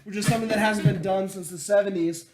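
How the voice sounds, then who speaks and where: A man's voice: high-pitched, fairly even intonation, fast talker, a crowd in the background. A young man, a podcast co-host, ranting in casual, profane sports chat, mocking and chanting names in a sing-song.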